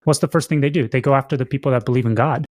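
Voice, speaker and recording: A man's voice: medium pitch, very fast, no room sound. Dry-miked podcast co-host man. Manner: friendly, asks leading questions. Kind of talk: casual podcast talk.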